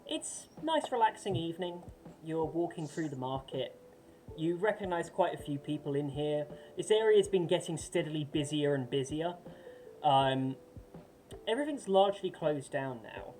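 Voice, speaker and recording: A woman narrating a tabletop game as game master, relaxed and laughing often, with many fillers. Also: deep voice, normal speed.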